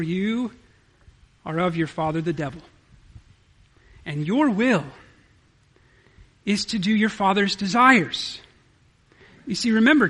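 A man's voice: high-pitched, fairly bright tone. A man preaching an expository sermon, quoting scripture aloud and posing rhetorical questions in an earnest way. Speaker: pastor.

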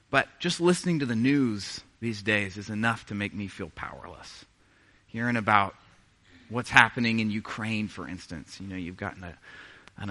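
A man preaching a sermon in a very bright, forward voice. His pitch moves a lot, dropping low and quiet for tender points and jumping up for big ones. The delivery stays loose and conversational throughout. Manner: conversational, swings from hushed to emphatic. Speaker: pastor.

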